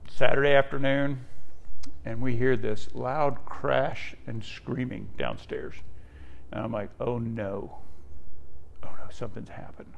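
A man's voice: mid-range voice, creaky. A middle-aged male pastor giving a sermon in a conversational, storytelling way, tossing in asides to the congregation.

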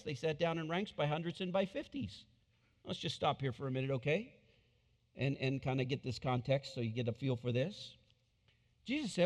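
A man gives a sermon with an animated, storytelling delivery and repeats his key phrases. His voice sits a little high and moves up and down a great deal. The room around him rings with a long reverb, like a large hall. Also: normal speed. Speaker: pastor.

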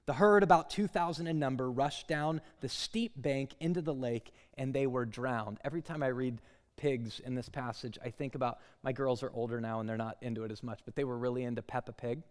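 A male guest preacher, likely in his thirties or forties, giving a dramatic sermon in a church that swings from hushed lines to loud ones. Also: medium pitch, brisk. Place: church sanctuary. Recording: long hall reverb.

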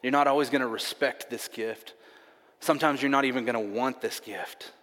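A man voicing God, speaking softly and half-whispered in a reverberant hall. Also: medium pitch, normal speed, natural voice. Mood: stern. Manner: soft, hushed, half-whispered. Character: God speaking gently to believers. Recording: long reverb of a large hall.

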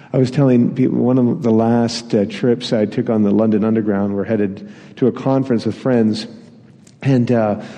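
Male preacher, warm mellow voice, self-deprecating storyteller, hall reverb. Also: mid-range voice. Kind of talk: sermon.

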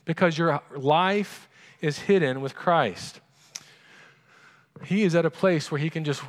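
A man's voice: on the high side, a little slow, long pauses, long reverb tail. A pastor preaching a sermon in a conversational way, asking his congregation questions.

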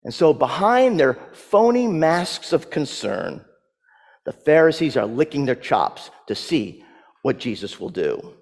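A male preacher with a high, animated voice tells his story with vivid drama and sly humor. His words bounce up and down in pitch and hang in the long reverb of a large hall. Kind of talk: sermon.

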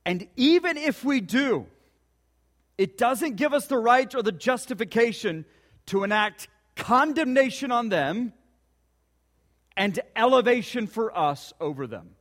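The sermon comes from a pastor whose notably high voice rings with long reverb, like in a large hall. Animated yet unhurried, his tone fairly bright, he weaves stories and urges earnest rhetorical questions on those listening.

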